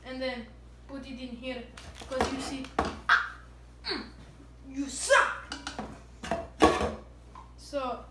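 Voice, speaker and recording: A woman talking in a jokey put-on Russian accent with playful broken English, reviewing gear while cooking in her kitchen. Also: sits high. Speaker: vlogger. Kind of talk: casual cooking review vlog. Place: home kitchen. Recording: echoey kitchen, far from mic, noisy.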